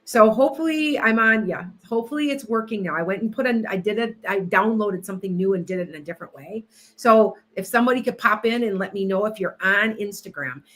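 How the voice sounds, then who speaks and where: Bright-voiced woman rambling on a livestream. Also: mid-range voice, a little fast. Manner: rambling, distracted, many restarts. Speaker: livestream host and tarot reader. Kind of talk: casual livestream chat.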